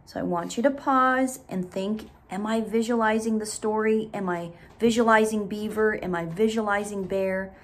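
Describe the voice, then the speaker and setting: A woman teacher recording a reading lesson, explaining things deliberately and reading a story aloud. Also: medium pitch. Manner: slow, deliberate, instructive.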